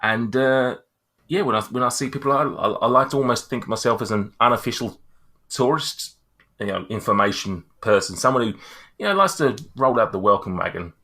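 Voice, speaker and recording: A man's voice: mid-range voice, expressive, fairly quick, bright, forceful tone. A man playing a clumsy, overeager tavern local who rambles and stammers apologetically. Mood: eager.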